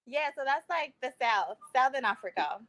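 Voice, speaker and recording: A woman in her twenties, originally from Zambia, speaking. She chats with a live-stream host in a friendly, giggly manner. Her voice is notably high. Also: lively intonation, moderate pace, fairly bright tone. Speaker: guest caller. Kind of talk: casual live-stream chat.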